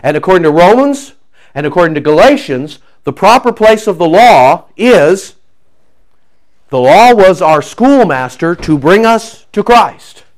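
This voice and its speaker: A male pastor delivering a sermon in a high, very animated voice. He takes his time, leaning on repeated phrases and swinging from near-shouted declarations down to hushed, prayerful tones. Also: measured pace. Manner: emphatic preaching, swinging from loud to hushed.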